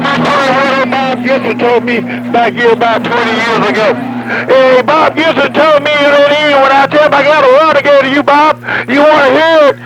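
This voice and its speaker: An older retired man on CB radio, rambling in a slow, drawn-out, talkative way. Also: extremely high pitch, very noisy. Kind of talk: CB radio banter.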